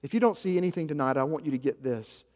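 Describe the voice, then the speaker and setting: A man from Arkansas preaching a sermon as pastor, emphatic, swinging from hushed to loud and repeating key lines. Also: fairly high pitch, expressive, quick pace. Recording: long reverb of a large hall.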